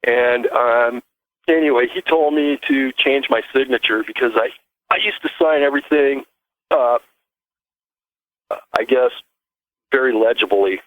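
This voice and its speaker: A man calling in to a show and telling a long story in a halting, rambling way, full of restarts. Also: mid-range voice, no echo. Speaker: caller. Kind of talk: casual call-in storytelling. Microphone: phone. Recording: tinny dry phone line.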